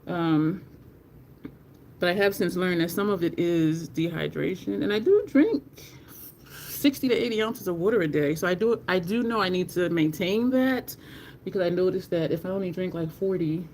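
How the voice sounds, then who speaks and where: A woman's voice: on the low side, moderate pace, a little mellow, slight background noise. A teary woman, chatting candidly on a makeup livestream, swearing casually and thanking viewers in chat. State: teary, near crying.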